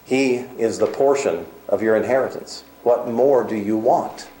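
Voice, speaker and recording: A man delivering a sermon, earnest and emphatic, slowing down for key points and speeding up in others. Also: mid-range voice, dark tone, roomy sound, poor audio. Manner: earnest, emphatic preaching with varied pace. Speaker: preacher.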